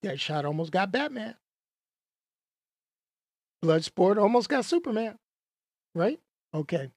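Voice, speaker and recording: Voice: mid-range voice, very animated, takes it slowly, a little mellow, dry recording, studio quality. A movie reviewer talking casually and emphatically, tossing out rhetorical questions and repeating points for effect.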